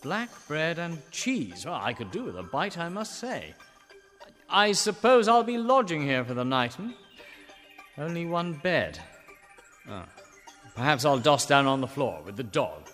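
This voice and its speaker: A polite young English gentleman on his travels, musing aloud in a genteel English accent. His pitch swoops widely as he chats to himself, and the voice is bright. It is a radio drama with a long reverb and faint music underneath. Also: very animated, measured pace. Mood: bemused. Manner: genteel, chatty inner monologue.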